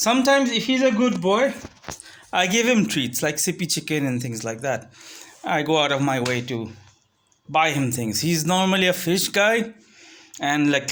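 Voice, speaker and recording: A man telling a story in a casual vlog rant, animated and switching between English and Bengali. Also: fairly high pitch, slight background noise. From Bangladesh. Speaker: vlogger. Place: home, indoors.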